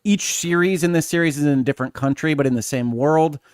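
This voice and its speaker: A man's voice: fairly high pitch, fast talker, darkish tone, smooth, no echo, clean studio sound. A man co-hosting a casual podcast, explaining things in an enthusiastic, detailed way. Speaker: podcast co-host.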